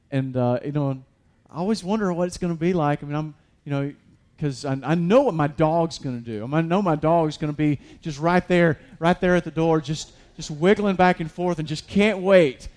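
Pastor, slightly high voice. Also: male voice, a little mellow. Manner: conversational, with frequent fillers and restarts, building to emphatic peaks. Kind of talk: sermon.

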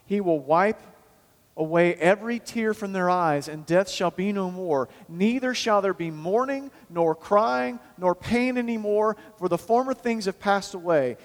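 Guy preaching a sermon, gets loud and fired up then drops real quiet, echoey hall. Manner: swings from loud fervent calls to quiet low asides. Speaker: pastor. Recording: hall reverb.

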